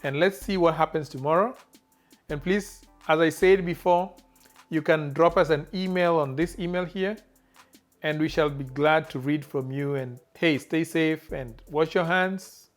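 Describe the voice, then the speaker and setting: Man, language teacher, slow deliberate speech, slightly high voice, faint music behind. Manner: repeats phrases slowly and clearly. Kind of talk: slow spoken language lesson.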